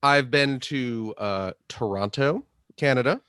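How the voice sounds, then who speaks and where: A man co-hosting a gaming podcast, telling a travel story in a jokey, animated way. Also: medium pitch, takes it slowly, clean tone, no echo, clean studio sound. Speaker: podcast co-host. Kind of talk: casual podcast chat.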